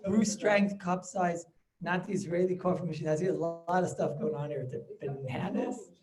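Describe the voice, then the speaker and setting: A middle-aged man, a rabbi, giving an informal class over a video call, halting with many restarts and chuckling as he banters with students. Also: high voice, steady tone. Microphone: video call microphone.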